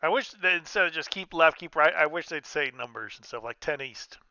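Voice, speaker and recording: Gaming streamer, male, bright clean tone, rambling casual commentary, dry close mic. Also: fairly high pitch, lively intonation, brisk, no room sound, muffled recording. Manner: rambling, self-interrupting, chatty.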